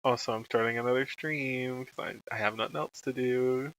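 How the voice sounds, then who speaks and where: A man's voice: mid-range voice, steady tone, moderate pace, a bit bright, low-quality recording. A man live-streaming a video game, chatting casually and grumbling with swearing and muttered asides. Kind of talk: casual gaming stream chat.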